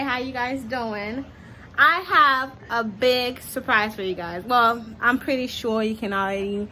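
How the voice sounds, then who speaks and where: A woman's voice: on the high side, pushed and bright. A young woman who is a mother, chatting casually to her vlog viewers and saying y'all often. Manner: chatty, says y'all a lot. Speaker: vlogger.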